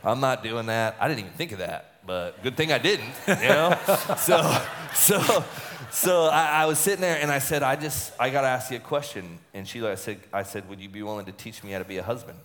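A man tells a personal testimony in an animated way and slips into the voices of the people in it. His voice sits in a middle pitch. A long reverb trails behind each phrase, as in a large hall. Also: a little fast. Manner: animated storytelling, acts out quoted dialogue. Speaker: speaker telling a personal story.

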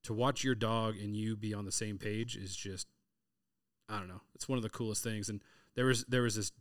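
A man's voice: fairly low pitch, moderate pace, no echo, clean studio sound. A man in his thirties, hosting a casual chat and telling hunting stories full of quoted dialogue. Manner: storytelling, animated retelling of hunting anecdotes with quoted dialogue. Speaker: podcast host.

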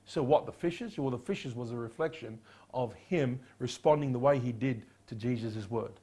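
A man preaching a sermon as a pastor, firing rhetorical questions and dropping quiet on solemn points. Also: mid-range voice, moderate pace, slightly rough.

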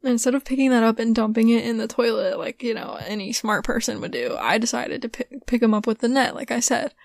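Hoarse young woman podcast host, kinda high voice, rambly and giggly, super dry close sound. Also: fast, dry recording. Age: young adult. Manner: rambling, filler-heavy, giggly. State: hoarse, voice giving out. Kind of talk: casual storytelling monologue.

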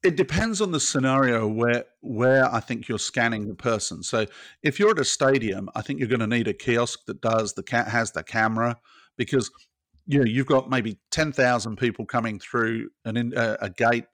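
A man's voice: mid-range voice, moderate pace, fairly bright tone, no room sound, studio quality. A British man talking as a technology guest, explaining scenarios step by step in casual conversation. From Britain. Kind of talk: casual interview chat.

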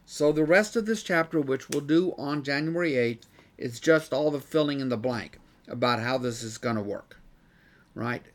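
A man's voice: medium pitch, normal speed. A man teaching a Bible study class in an earnest way who gets worked up and says he is losing his voice.

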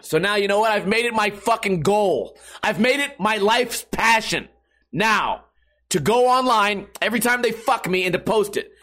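A young man with a high, expressive voice and a sharp tone speaks at a normal speed. He's a skateboarder vlogger delivering a casual, profane monologue straight to camera. Sarcastic and swearing freely, he rants about his internet and his skating.

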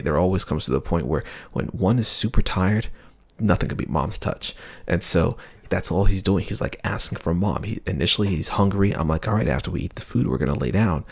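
Deep gravelly man telling a story. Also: darkish tone. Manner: rambling, halting with many restarts. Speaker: podcast co-host. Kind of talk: casual storytelling chat.

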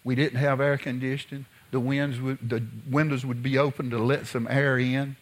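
A man preaches in a folksy, conversational way, weaving scripture into stories from his childhood. His voice sits in an ordinary middle pitch, and he sometimes drops to a hush while telling a tale. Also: flat delivery, moderate pace. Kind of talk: sermon with personal storytelling.

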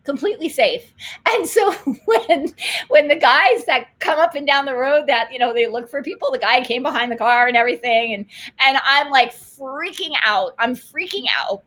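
A middle-aged woman hosting a faith talk show, telling a story with lively energy and frequent laughter. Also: sits high. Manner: excited storytelling, laughs often, fast animated retelling.

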